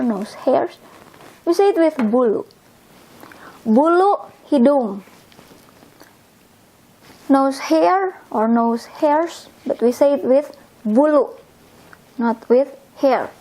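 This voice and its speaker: A woman with an Indonesian accent teaches in a relaxed video lesson. Her voice sits high and she takes her time, explaining each word patiently. She speaks English as a second language. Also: rough recording. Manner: slow, patient explaining, pointing at body parts.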